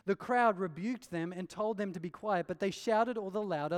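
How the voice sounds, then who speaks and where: A pastor with a high-pitched voice preaches an earnest sermon at a normal speed with few pauses, asking rhetorical questions and emphatically pressing his points. The recording carries a long hall reverb.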